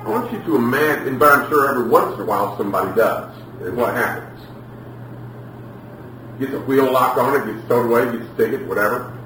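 A man's voice: medium pitch, expressive, fairly quick, sharp tone. A man teaching an audience about parenting, telling stories, asking the room questions and acting out little scenes. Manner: storytelling, asks the audience questions, acts out scenes. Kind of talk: preaching to a live audience. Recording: roomy hall, mic at a distance, faint noise.

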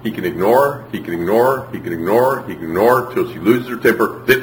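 Before a live audience, a man teaches on parenting in a preaching style, weaving in stories, questioning listeners, and acting out small scenes. His fairly low voice is animated and a little fast, picked up by a far-off mic in a spacious hall with slight background noise.

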